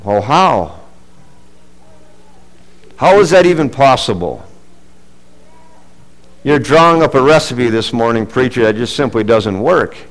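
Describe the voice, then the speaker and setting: A middle-aged man preaching a sermon as pastor, earnest, rising for emphasis and dropping low and quiet for asides. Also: lively intonation, unhurried, long pauses, low-quality recording.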